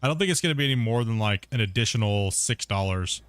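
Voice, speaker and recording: A man's voice: fairly low pitch, expressive, fast, a little hiss or hum. A man streaming a game, chatting casually in a rambling, blunt way and swearing when annoyed. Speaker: gaming streamer. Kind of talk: casual chat.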